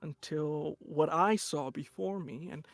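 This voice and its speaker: A man voicing an older male war general who gives slow, halting testimony full of pauses and fillers. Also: a little high, creaky, no echo, soft background music. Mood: solemn. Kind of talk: tabletop game character voice.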